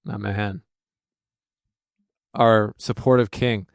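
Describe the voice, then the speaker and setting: Brief: male podcast co-host, slightly low, smooth voice, dry close mic, upbeat and chatty. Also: steady tone, takes it slowly, no room sound. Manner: upbeat, hype-driven, chatty with restarts. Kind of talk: casual podcast chat.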